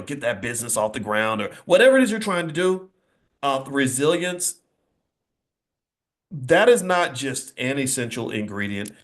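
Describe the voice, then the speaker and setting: A middle-aged man giving an emphatic, preachy motivational speech to an audience, telling stories with energy. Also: mid-range voice. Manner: preachy, emphatic, animated storytelling. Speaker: speaker addressing an audience.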